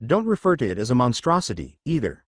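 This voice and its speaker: A man's voice: mid-range voice, wildly swooping pitch, quick pace, no echo, clean studio sound. A man voicing a folksy cowboy gunslinger teacher who speaks in a challenging, playful way.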